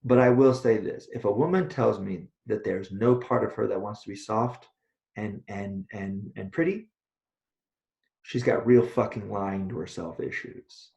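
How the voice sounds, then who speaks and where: A man's voice: fairly low pitch, measured pace, vocal fry. A man co-hosting a casual discussion, talking bluntly and swearing freely as he rants. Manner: blunt, profane, animated ranting. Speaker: co-host, Taoist teacher. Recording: echoey room, dull lo-fi sound.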